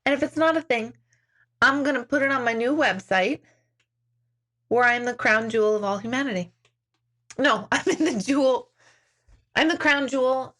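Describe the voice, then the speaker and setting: Giggly, animated woman chatting live. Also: sits high, normal speed, pauses often. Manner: giggly, self-mocking, animated. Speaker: intuitive reader hosting a live stream. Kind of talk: casual live-stream chat with viewers.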